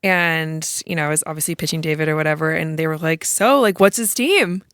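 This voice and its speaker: A woman's voice: low-pitched, brisk, heavy background noise. A young woman in casual podcast chat, talking freely with constant fillers. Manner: chatty, heavy use of filler "like". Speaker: podcast guest, manager.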